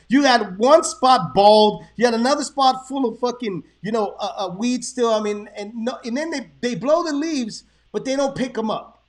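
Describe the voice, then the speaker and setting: A man in his thirties, hosting a boxing podcast in casual chat, telling stories, swearing freely and slipping into Spanish. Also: high-pitched. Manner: laid-back storytelling, swears freely, slips into Spanish.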